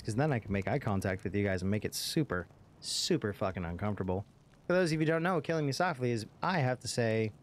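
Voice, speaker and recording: A man's voice: medium pitch, slight background noise. A man casually commenting on his game stream, swearing freely and rambling between jokes. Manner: profane, rambling, jokey; puts on character voices. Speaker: let's play streamer.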